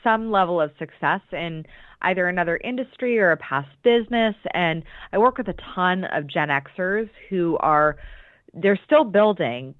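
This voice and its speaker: A woman's voice: fairly low pitch, no room sound. Woman coach chatting, lots of restarts, sounds like a tinny phone call, dead dry. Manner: thoughtful, many restarts while explaining. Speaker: business coach. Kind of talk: casual interview talk.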